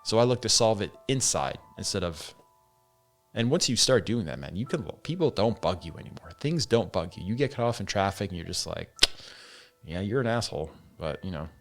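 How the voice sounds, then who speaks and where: A man with a lowish voice talks on his own, loose and candid, swearing now and then and calling the listener "man". Faint music plays under him. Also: expressive, a little fast, gravelly. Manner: candid, swears freely, says "man" and "dude". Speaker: podcast host. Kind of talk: casual solo monologue.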